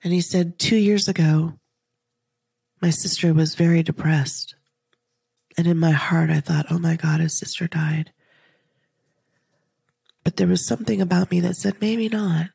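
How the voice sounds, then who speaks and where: A woman podcast host telling an emotional personal story in an earnest, intimate way, dropping into soft whispers now and then. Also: on the low side, fairly even intonation, a little slow, creaky, pauses often, slightly rough, no room sound, clean studio sound. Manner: earnest, intimate, slips into soft whispers when quoting herself. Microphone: podcast microphone.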